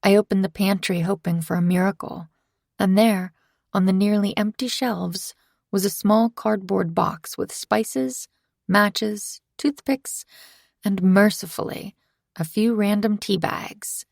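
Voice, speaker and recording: A woman reading a first-person thriller in steady, scripted narration. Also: mid-range voice, slow, gravelly, dry recording, clean studio sound. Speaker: audiobook narrator.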